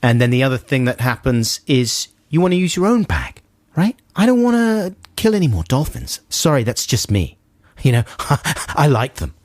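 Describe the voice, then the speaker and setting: A man's voice: mid-range voice, very animated, normal speed, dry recording. A man co-hosting a radio show, chatting casually in a rambling, jokey way that often breaks off mid-sentence. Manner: rambling, jokey, self-interrupting. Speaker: radio co-host. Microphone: studio microphone.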